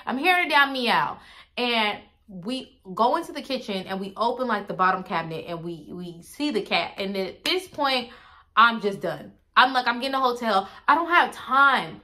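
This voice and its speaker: A young adult woman vlogger telling a story in an animated, chatty way, swearing and turning to her viewers with asides. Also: medium pitch. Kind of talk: casual storytime.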